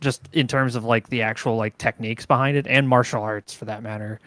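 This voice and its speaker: A man chatting casually as a podcast guest, halting and trailing off. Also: mid-range voice, steady tone, no echo. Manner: halting, filler-heavy, trails off quietly. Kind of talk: casual chat.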